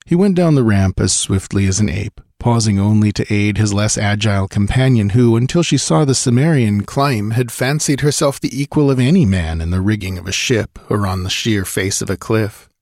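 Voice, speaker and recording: A man giving audiobook narration in measured, steady storytelling. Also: fairly low pitch, no room sound, clean studio sound.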